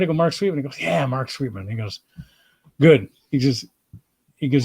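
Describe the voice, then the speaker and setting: A man, a comedian and host, tells a relaxed, rambling anecdote in casual chat, with plenty of fillers. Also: medium pitch, moderate pace, breathy edge, no echo.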